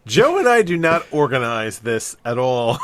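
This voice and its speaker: A man's voice: medium pitch, wildly swooping pitch, unhurried. A man co-hosting a casual podcast over a remote call, joking and laughing often. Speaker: podcast co-host.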